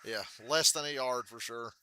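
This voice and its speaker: A man reacting live to a football game, with profane, excitable outbursts. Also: mid-range voice, normal speed, a little hiss or hum.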